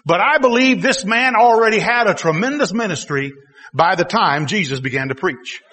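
A man preaching a sermon, telling the story in a folksy way and swinging from quiet asides to loud exclamations. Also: sits high, expressive, normal speed. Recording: long hall reverb.

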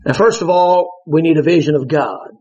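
A man preaching a sermon, animated, bursting into shouts and laughter as he tells his stories. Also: fairly high pitch, normal speed. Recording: dull lo-fi sermon recording.

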